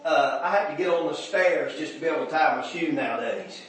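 A man preaching a folksy revival sermon, telling stories and building up to shouts. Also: a little high, fairly quick, heavy reverb, distant mic. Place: church sanctuary.

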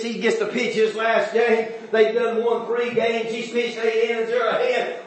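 A man preaching a folksy revival sermon, telling stories and building up to shouts. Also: sits high, moderate pace, hardly any pauses, very echoey, distant mic. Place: church sanctuary.

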